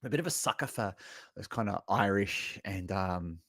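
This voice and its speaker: Clean studio sound and a dry recording carry a low male voice at a moderate pace. He's an Australian streamer reacting to trailers live, chatty with his audience and given to lively asides.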